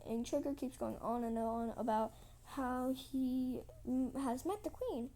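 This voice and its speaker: A woman's voice: fairly high pitch, a little slow, dark tone, poor audio. A woman telling a made-up story casually while drawing, rambling with many restarts.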